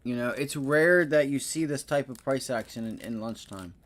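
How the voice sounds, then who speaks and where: A man hosting a live day-trading stream, talking casually and loosely, giving hyped shout-outs to viewers. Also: mid-range voice, normal speed. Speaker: day-trading livestream host.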